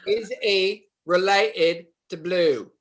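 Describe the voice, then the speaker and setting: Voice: medium pitch, sing-song, moderate pace, fairly bright tone, husky, exaggerated voice. A performer playing a poor male party guest with a thick, hard-to-follow voice who keeps repeating himself. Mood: insistent. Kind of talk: drunken improv stage comedy.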